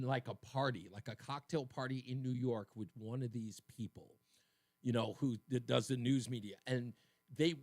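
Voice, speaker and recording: A man hosting a political talk radio show, talking in an animated, mocking way and laughing often. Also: mid-range voice. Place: radio studio.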